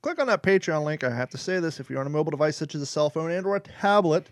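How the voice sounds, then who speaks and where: This podcast host is a man whose voice sits on the high side, expressive and rapid-fire, with no echo. He chats casually, wandering into asides and jokes and using many fillers.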